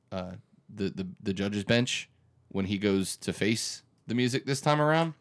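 A man's voice: fairly low pitch, clean tone. A man in his thirties who hosts a radio morning show, speaking in an earnest, emphatic way with frequent restarts during a conversational interview.

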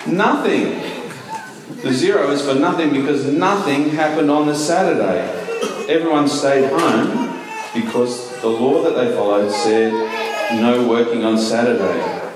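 A man giving a children's talk in church, asking questions and telling the story with lively energy. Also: medium pitch, measured pace, pauses often. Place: large church hall. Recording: echoey hall, mic at a distance.

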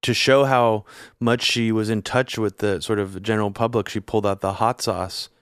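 A man's voice: fairly low pitch, steady tone, moderate pace, fairly bright tone, clean tone, no room sound, clean studio sound. A man on a political talk show, wry and a bit hesitant as he makes his points.

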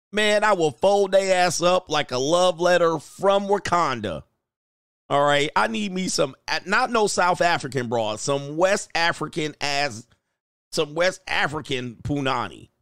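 A man's voice: a little high, expressive, a little slow, a bit bright, clear, resonant tone, no room sound, studio quality. A man hosting a casual reaction commentary, joking and laughing as he talks in slangy street style. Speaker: commentary video host. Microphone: headphones.

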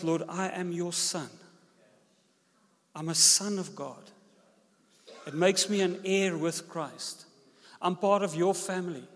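A man, a senior pastor preaching a sermon with jokes and an animated delivery. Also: high voice. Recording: long hall reverb.

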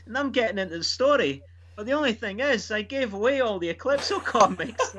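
A man's voice: high-pitched, animated, a little fast, a bit bright. A man chatting casually in a comic book group, telling stories with lots of fillers. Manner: chatty, storytelling, hesitant with fillers. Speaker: comic book club member. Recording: dull lo-fi sound.

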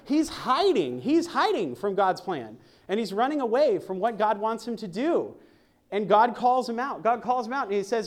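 A man's voice: sits high, very animated, moderate pace. A man preaching a sermon at a church service, conversational and joking as he reads scripture aloud.

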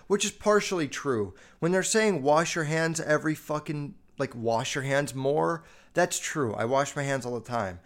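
Profane, animated young man. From United States. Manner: profane, animated storytelling with quick jumps in pitch and loudness. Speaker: podcast host. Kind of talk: casual solo podcast monologue.

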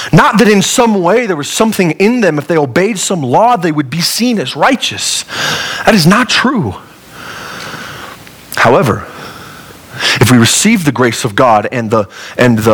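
A man from Colorado preaching a sermon as a pastor, earnest and conversational, with humorous asides and wide swings in pitch and loudness. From Colorado, USA.

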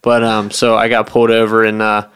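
A man's voice: lowish voice, monotone, fairly quick, fairly bright tone, clear, resonant tone. A young man chatting casually on a podcast, joking, crude and laid-back. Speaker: podcast co-host. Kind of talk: casual chat.

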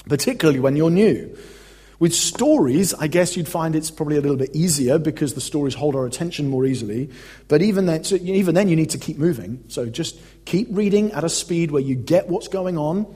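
A man's voice: on the high side, dark tone, slightly rough. A man preaching a conversational, emphatic teaching sermon as a pastor. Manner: conversational, emphatic, reads quotes aloud.

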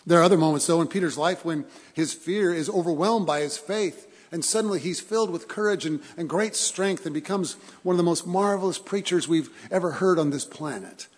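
Husky-voiced pastor preaching in a reverberant hall. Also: male voice, on the high side, a little fast, hardly any pauses. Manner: conversational storytelling with repeated words and swings in loudness. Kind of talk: sermon.

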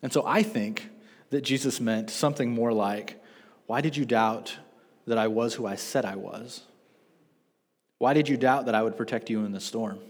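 A man in his thirties preaching a sermon, telling stories with lively self-deprecating asides. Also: mid-range voice, moderate pace. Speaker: pastor. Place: church sanctuary. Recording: long reverb of a church hall.

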